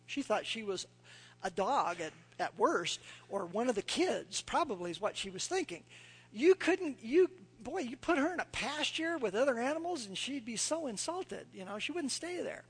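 A man preaching a sermon, telling folksy stories and dropping to a hushed near-whisper when he quotes scripture. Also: very high-pitched, very animated, normal speed, husky. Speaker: pastor.

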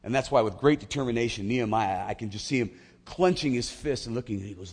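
Speaking fast in a husky, medium-pitched voice, a pastor delivers a sermon to his flock. His animated retelling of a biblical story has him performing each character's voice with energy.

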